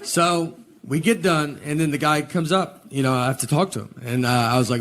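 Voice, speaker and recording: A man in his forties with a Southern US accent telling stand-up stories in a deadpan style. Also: a little high, normal speed, hardly any pauses, a loud crowd. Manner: deadpan storytelling. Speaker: stand-up comedian. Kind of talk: stand-up set. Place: comedy stage. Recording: noisy live venue recording. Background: audience laughter.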